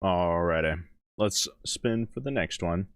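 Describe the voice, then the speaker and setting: A man with a fairly low voice chats casually on a music reaction stream, chuckling through rambling asides. The sound is dry and close, on a desk mic at home. He sometimes talks with his mouth full. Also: takes it slowly, clear, resonant tone, dry recording. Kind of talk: casual live-stream chat.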